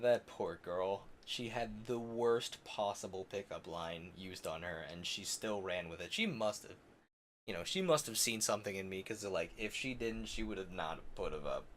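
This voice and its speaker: A young man on a game stream rambles through an embarrassing story, laughing often and mocking himself along the way. His voice is low-pitched yet fairly bright, with slight background noise.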